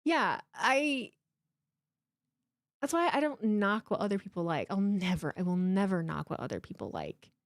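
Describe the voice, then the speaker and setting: A woman in her thirties hosting a live watchalong stream, chatting casually from home in an animated, emotional way, swearing freely and restarting her sentences. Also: medium pitch, moderate pace, dry recording, clean studio sound. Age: 30s.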